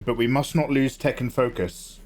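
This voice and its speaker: A man's voice: mid-range voice, fairly even intonation, normal speed, a little mellow. A young man hosting a drawing livestream, chatting casually and rambling between jokes. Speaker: livestream artist host.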